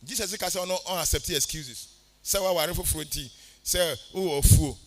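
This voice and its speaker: A man's voice: a little high, normal speed. A male pastor with a Ghanaian accent, preaching a sermon in a sing-song cadence and mixing English with Twi.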